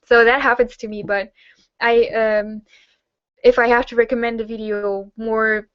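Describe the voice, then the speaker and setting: Young woman, native German speaker, casual q&a chat, slightly high voice, dull dry sound. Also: level tone, unhurried, clean tone, no room sound. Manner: chatty, many fillers and restarts. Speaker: host; teacher-training student.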